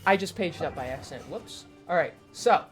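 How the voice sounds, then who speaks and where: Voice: mid-range voice, animated, a little fast, soft background music. A game master narrating a tabletop game in a casual, hesitant way with many fillers. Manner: chatty, hesitant, laughs a lot.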